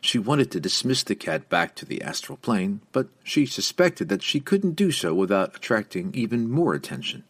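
A man narrating a fantasy novel as an audiobook, with expressive storytelling. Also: on the low side, breathy edge. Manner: expressive storytelling with lively inflection.

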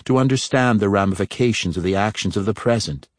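Composed young drow woman voiced by a male narrator, calm, low voice, dry audiobook sound. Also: fast talker, no echo, close to an everyday voice. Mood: poised.

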